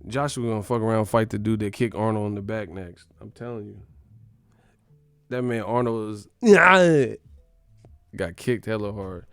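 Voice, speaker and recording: A man's voice: fairly low pitch, steady tone, normal speed, a little mellow, clear, resonant tone, no echo, studio quality, soft background music. A man hosting a boxing live stream in a casual, profane, joking rant full of slang.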